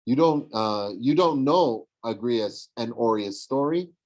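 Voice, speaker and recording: Playing a smug, sneering young villain, this man delivers mocking, persuasive lines meant to tempt. He speaks slowly in an expressive, medium-pitched, slightly mellow voice, captured on a rough recording.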